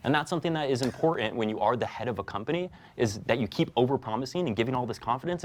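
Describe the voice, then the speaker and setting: A man making his case in a discussion, blunt and measured after stammered starts. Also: medium pitch, animated. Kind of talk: argumentative discussion.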